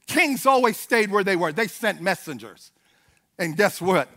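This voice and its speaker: A man preaching a sermon with fervent energy, rising to shouted peaks and acting out the voices of Bible figures. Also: sits high, expressive, unhurried.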